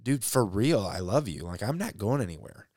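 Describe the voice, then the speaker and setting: A man talking about faith in a casual conversation, reflective and halting, often restarting his sentences. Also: lowish voice, very animated, a little mellow, dry recording, clean studio sound.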